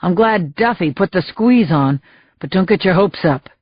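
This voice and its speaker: A woman's voice: fairly low pitch, animated, normal speed, breathy edge, highs cut off. A woman narrator voicing a blunt male boss who gives curt orders.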